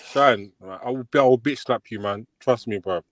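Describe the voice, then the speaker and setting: A man's voice: medium pitch, moderate pace. A man on an online call, making threats in heated trash talk and tacking "blood" and "bruv" onto his lines.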